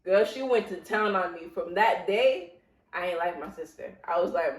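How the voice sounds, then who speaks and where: A woman telling a childhood story in casual chat, animated and laughing, acting out voices. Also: fairly low pitch, normal speed. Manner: animated, laughing, acts out voices in her stories. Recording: roomy echo.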